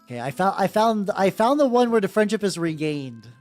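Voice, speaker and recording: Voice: medium pitch, sing-song, fairly quick, a little mellow. A VTuber who paints miniatures, chatting casually and profanely with live-stream viewers while working, often restarting sentences. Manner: rambling and profane, with frequent self-restarts. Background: faint background music.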